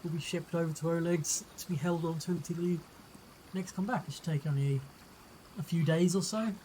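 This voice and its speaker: A game master voicing a male frontier quest-giver in a tabletop game, speaking plainly and measured. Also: mid-range voice, steady tone, dark tone, a little hiss or hum, lightly acted, low-quality recording. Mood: businesslike.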